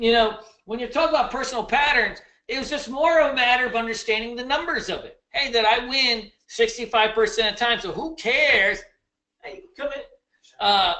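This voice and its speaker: A man's voice: high voice, sharp tone. A man teaching a live trading class, loose and joking, swearing freely and tagging "right?" onto his points. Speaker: trading instructor. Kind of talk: casual live webinar teaching. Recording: echoey room.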